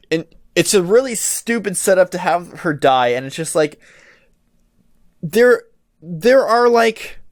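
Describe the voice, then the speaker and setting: A man's voice: medium pitch, no echo, clean studio sound. A young man hosting a solo podcast, ranting in an exasperated, rambling way with lots of restarts and swearing. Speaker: podcast host. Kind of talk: casual solo podcast rant.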